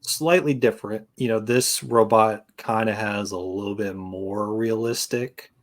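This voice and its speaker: A man's voice: fairly low pitch, fairly even intonation, a little slow. A man hosting a podcast in casual chat, talking in a rambling, hesitant way with lots of fillers. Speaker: podcast host.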